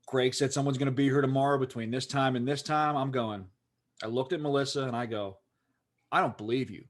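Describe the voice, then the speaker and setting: Pittsburgh man, podcast co-host, animated rambling storyteller, middle-pitched voice. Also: brisk. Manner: rambling, animated, lots of "like" fillers. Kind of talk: casual storytelling chat.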